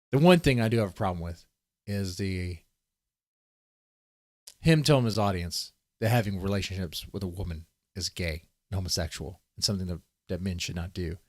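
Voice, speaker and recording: A man's voice: on the low side, no echo, clean studio sound. A man giving rambling, profane casual commentary, often restarting his sentences as he reads posts on screen. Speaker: commentary streamer.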